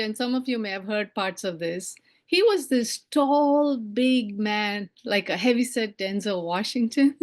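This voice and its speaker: A middle-aged woman from India giving a personal storytelling speech, animated and acting out the voices of the people she quotes. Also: on the high side. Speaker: keynote speaker.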